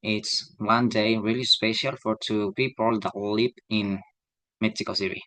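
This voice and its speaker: A young man gives a student presentation at a slow, careful pace. His voice sits fairly low, and he pauses often, checking in with the listener after each point. The recording is dry and close, with almost no room sound. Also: fairly even intonation, sharp tone, dry recording, low-quality recording. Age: young adult. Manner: halting, tags sentences with "okay?". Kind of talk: class presentation.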